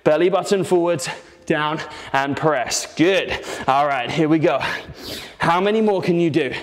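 Upbeat male workout coach, counts reps, pushes you on; slightly high voice in a reverberant space. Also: measured pace. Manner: energetic, encouraging, counts reps aloud. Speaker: fitness instructor. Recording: roomy with long reverb.

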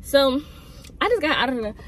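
A woman's voice: sits high, very animated, normal speed, slight background noise. A young adult woman talking casually to her vlog audience about her plans for the day, loose and chatty with plenty of "um" and "y'all". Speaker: vlogger. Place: at home, then out running errands. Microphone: phone or camera held close.

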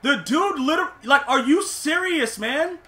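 A young man streaming a football video game, complaining to himself and his chat and shouting in disbelief at bad plays. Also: very high voice, lively intonation, normal speed. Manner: exasperated, talks to himself and chat. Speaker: gaming streamer. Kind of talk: live gameplay commentary.

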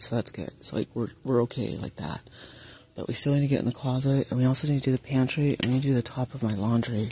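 A woman's voice: very deep voice, a little mellow. A woman chatting to her viewers while shopping in a large store, reading out prices, a bit sniffly from allergies. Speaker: shopping vlogger. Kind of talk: casual shop-with-me chat. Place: large retail store, indoors. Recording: store ambience noise.

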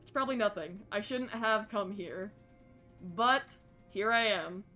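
A woman's voice: mid-range voice, unhurried, sharp tone, soft background music. A young woman streaming a horror game live, jittery and self-deprecating, chatting with her viewers. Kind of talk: casual live gameplay commentary.

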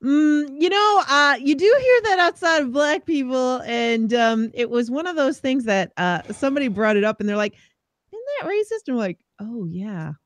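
A woman's voice: high voice, moderate pace, few pauses, no echo. Chatty woman reading the live chat. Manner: chatty, many fillers and restarts. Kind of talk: casual panel chat.

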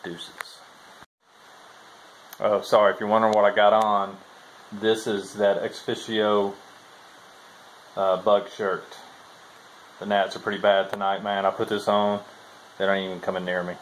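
Man, low voice, relaxed chatty vlog, outdoors, faint background hiss. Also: a little slow, pauses often, low-quality recording. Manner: laid-back Southern-style talk with "y'all". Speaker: thru-hiker vlogger. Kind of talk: casual vlog chat. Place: outdoors at a forest trail shelter.

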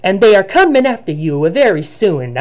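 A man's voice: high voice, big pitch swings, normal speed, muffled recording. A man voicing an evil, scheming male plumber villain in a put-on Italian accent, reading game cutscene lines aloud with a menacing, taunting manner.

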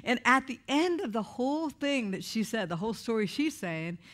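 A woman's voice: fairly high pitch, big pitch swings, moderate pace, a bit bright. A middle-aged woman from Idaho preaching through a personal story, acting out the voices and laughing often. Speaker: speaker at a church meeting. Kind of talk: storytelling sermon.

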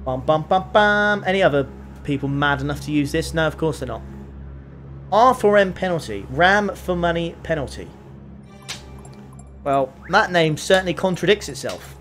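A man's voice: fairly high pitch, lively intonation, fairly bright tone, faint music behind. A man giving casual, self-mocking commentary while live-streaming a racing game. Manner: chatty, self-mocking, quick to laugh.

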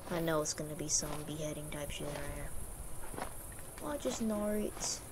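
Over background noise, a young female streamer with a low, animated voice narrates her horror game playthrough at a moderate pace, cursing freely, rambling on, and gasping whenever something frightens her.

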